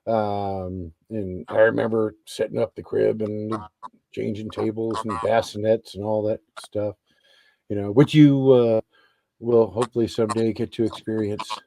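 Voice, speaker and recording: A middle-aged man and Army veteran telling a story in a casual interview, animated and swearing freely. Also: lowish voice, measured pace, gravelly, no echo.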